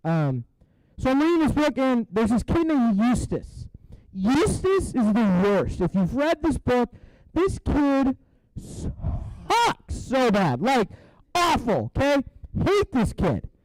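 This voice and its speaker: A young man giving a youth sermon, telling a story with jokes and then dropping to a hushed, serious tone. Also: very high-pitched, takes it slowly, dry recording, poor audio. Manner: animated and joking, drops to a hushed tone for serious parts. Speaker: youth pastor.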